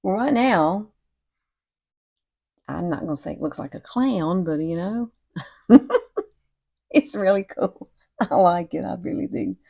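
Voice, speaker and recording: A woman, chatting warmly and encouragingly through a makeup tutorial at home. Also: fairly low pitch, animated, measured pace, gravelly, long pauses. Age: 60s. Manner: chatty and encouraging, often says y'all and girl. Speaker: beauty vlogger. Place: home at night with cicadas outside.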